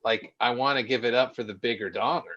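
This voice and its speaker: A sheepish, self-deprecating man who chuckles through his own stories, speaking at an ordinary middle pitch. The audio is slightly dull and lo-fi, with the top end muffled. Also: quick pace, fairly bright tone. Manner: sheepish, self-mocking, laughs often. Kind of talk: casual chat.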